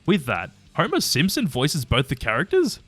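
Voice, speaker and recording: A man reviews episodes one by one, casual and opinionated, chatty and sometimes swearing as he ranks them. His voice sits on the high side and is a bit bright, with huge pitch swings at a moderate pace.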